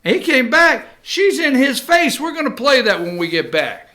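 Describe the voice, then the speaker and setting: A man's voice: very high-pitched, big pitch swings, normal speed, pushed and bright. A male talk show host giving emphatic, opinionated commentary and cueing his producer between clips. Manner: ranting, emphatic, cues the producer.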